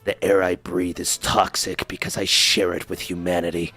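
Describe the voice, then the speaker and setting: A man putting on a slow, low, theatrically gloomy voice as a brooding edgy type. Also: flat delivery, bright, forceful tone, soft background music, full character voice.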